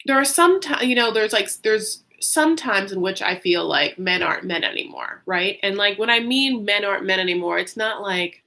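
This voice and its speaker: A woman recaps reality TV in a casual vlog. Her voice is bright and forceful. She talks in a chatty, animated way and leans on "like" constantly. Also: mid-range voice, normal speed, creaky, few pauses. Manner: chatty, heavy use of "like", animated asides.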